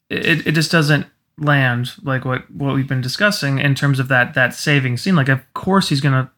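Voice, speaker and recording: A man co-hosting a film podcast, thinking aloud in a measured way. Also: mid-range voice, a bit bright. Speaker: podcast co-host. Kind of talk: casual film discussion.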